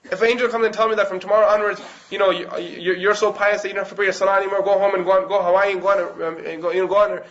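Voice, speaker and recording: Male lecturer, very fast and high-voiced, storytelling delivery, dull lo-fi recording. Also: flat delivery, a bit bright. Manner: rapid storytelling, restarts words, chants Arabic phrases. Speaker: Islamic lecturer. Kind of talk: religious history lecture.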